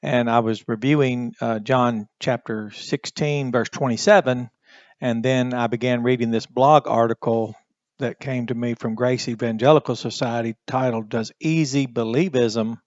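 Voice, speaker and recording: A man explains a Bible Greek lesson slowly and deliberately, pausing often on filler words. His voice is mid-range, and the recording is dry and a little dull, with no room sound at all.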